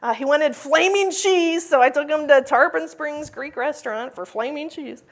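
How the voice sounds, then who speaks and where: A woman's voice: high voice, normal speed. A woman speaking at a conference about the school she founded. She talks in a chatty, heartfelt way, with many fillers and frequent laughter. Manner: heartfelt, emotional in places. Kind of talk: conference talk.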